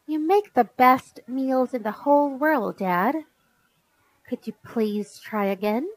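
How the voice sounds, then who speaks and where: A woman's voice: sits high, takes it slowly, no echo, poor audio. A woman voicing a bossy, demanding little girl in a storybook reading. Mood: sweet. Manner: insistent, complaining, bossy.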